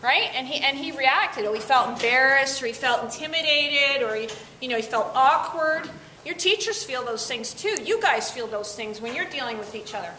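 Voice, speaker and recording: A woman's voice: sits high, animated, normal speed, bright, forceful tone. A woman presenter leading an interactive talk with teenagers, upbeat and asking the class questions. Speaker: workshop presenter. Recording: echoey room, faint noise.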